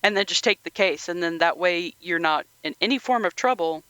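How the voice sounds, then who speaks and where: A podcast co-host in casual chat who retells scenes with animated energy and acts out the lines in voices. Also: medium pitch, a little fast, clear, resonant tone, no echo, low-quality recording.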